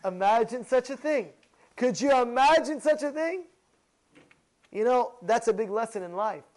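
A rabbi giving an animated, emphatic sermon full of rhetorical questions, speaking English with non-native phrasing. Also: male voice, extremely high pitch, normal speed, poor audio. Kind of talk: sermon to a congregation.

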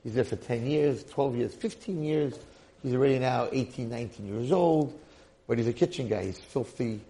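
Gravelly, animated male storyteller. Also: medium pitch, moderate pace. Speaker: Torah lecturer. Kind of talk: storytelling lecture.

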